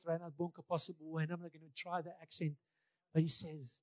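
A man's voice: on the high side, little pitch movement, a little fast, darkish tone, no room sound. A male pastor preaching a sermon in a conversational way, repeating key phrases for emphasis, with touches of light humor.

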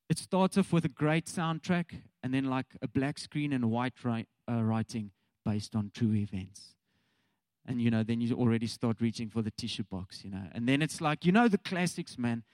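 A man's voice: mid-range voice, darkish tone, dry recording. A man in his thirties with a South African accent, preaching a casual, chatty sermon straight to the congregation. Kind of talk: conversational sermon.

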